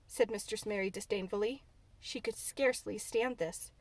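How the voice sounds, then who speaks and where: A woman narrating a classic novel in an expressive audiobook reading. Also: mid-range voice, normal speed, no room sound. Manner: expressive storytelling.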